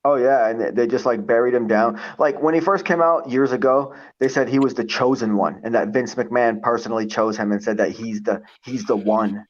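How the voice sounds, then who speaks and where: A man co-hosting a casual video call chat, talking fast and excitably and swearing. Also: mid-range voice. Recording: dull lo-fi call audio.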